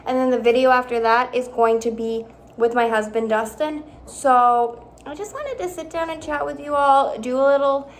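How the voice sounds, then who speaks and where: A young woman vlogging at home, telling a casual story time in an animated, dramatic way and acting out the quotes. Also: sits high, moderate pace, a little hiss or hum.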